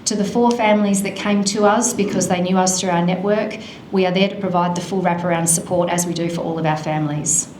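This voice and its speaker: A woman's voice: lowish voice, steady tone, darkish tone, slight background noise. A woman giving an earnest, emotional speech at a charity event. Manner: earnest, emotional, slow and measured. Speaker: charity speaker. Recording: echoey hall.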